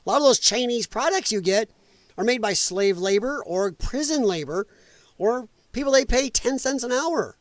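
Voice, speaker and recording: Profane high-voiced man ranting. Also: lively intonation, normal speed, no echo. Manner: profane, combative, sarcastic ranting; mocks opponents in put-on whiny voices. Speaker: political commentary streamer. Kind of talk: casual ranting commentary.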